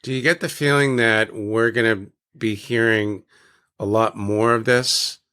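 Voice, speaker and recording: A male podcast host asks short, curious questions in a slightly low voice. His tone is bright and crisp, and he moves the conversation along briskly. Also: steady tone. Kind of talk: interview questions.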